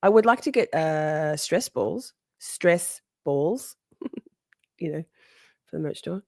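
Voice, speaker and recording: A woman's voice: low voice, lively intonation, slow pace, darkish tone, no echo, studio quality. A woman hosting a casual livestream, chatty and sassy, reading out viewer comments, answering them, laughing often and swearing freely. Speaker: livestream host.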